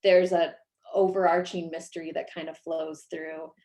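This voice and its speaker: A woman from Iowa, an author talking casually about her writing, self-deprecating and quick to laugh. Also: low voice, little pitch movement, mellow. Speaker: author guest. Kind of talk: casual interview chat.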